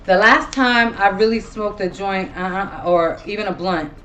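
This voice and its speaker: Seorang wanita paruh baya yang mengobrol santai dan bertele-tele sebagai pembawa acara podcast, sering mengumpat dengan gaya yang hidup. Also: female voice, medium pitch, a little slow, slight background noise. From Ohio. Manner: swears a lot, rambling and animated. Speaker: podcast host. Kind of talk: casual chat.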